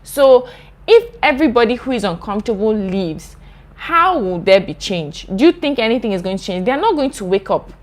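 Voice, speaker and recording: A woman's voice: a little high, big pitch swings, brisk. A young woman from Nigeria, hosting her channel, reading out viewer comments and answering them in an earnest, impassioned, chatty way. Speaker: YouTuber host.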